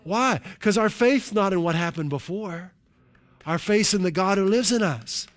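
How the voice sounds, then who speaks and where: Animated man preaching. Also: sits high, moderate pace. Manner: animated preaching with frequent "hallelujah" and "right?"; jokey asides to the congregation. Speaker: pastor. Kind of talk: sermon.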